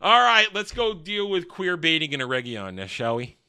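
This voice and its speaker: A man rants through a show review in a high, very bright voice. He is sarcastic and animated, leaping between asides and mock voices. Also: moderate pace, clean tone. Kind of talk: casual review rant.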